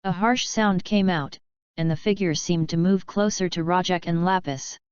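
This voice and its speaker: Woman audiobook narrator, smooth clear voice, dull lo-fi recording. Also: on the low side, steady tone, moderate pace, dry recording. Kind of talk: audiobook reading.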